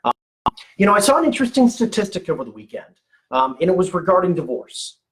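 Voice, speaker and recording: A man's voice: high-pitched, big pitch swings, quick pace, low-quality recording. A man in his forties giving a casual motivational talk for medical practice owners, conversational, restarting words and often checking in with "okay?".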